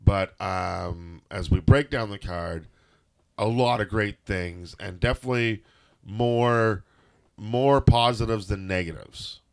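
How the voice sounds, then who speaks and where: A man's voice: fairly low pitch, slow, vocal fry. A man, co-hosting a casual podcast. He rambles through the recap with sarcastic jokes and loose asides. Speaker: podcast co-host. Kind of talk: casual wrestling recap chat.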